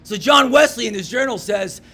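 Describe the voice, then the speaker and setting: A man giving a storytelling devotional talk to a men's group in a pub, animated and swinging from loud emphasis to hushed asides. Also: very high-pitched, normal speed. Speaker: men's ministry speaker. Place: pub room.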